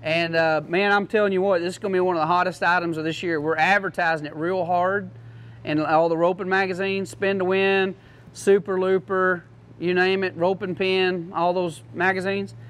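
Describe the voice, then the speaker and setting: A man's voice: sits high, flat delivery, moderate pace, a bit bright. A man giving a casual, joking product demo to a class, in a folksy manner. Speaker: product demonstrator.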